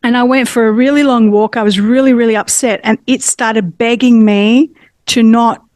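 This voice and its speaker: Higher-voiced woman telling a story. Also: normal speed, no echo, studio quality. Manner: earnest, animated, with restarts. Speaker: host. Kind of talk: personal storytelling in a conversation.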